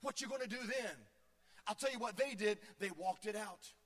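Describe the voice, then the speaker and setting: Pastor, male, high and bright, preachy delivery that rises into shouted, sung lines, big reverberant sanctuary. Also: moderate pace. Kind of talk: sermon. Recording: long hall reverb.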